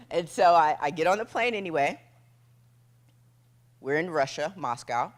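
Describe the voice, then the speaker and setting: A woman giving a motivational keynote speech on stage, telling a dramatic story in short punchy phrases and dropping to a hush at tense moments. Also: low voice, lively intonation, moderate pace, long pauses. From United States. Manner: acts out quoted voices, drops to a hush for tense moments. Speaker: motivational speaker. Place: event stage before an audience.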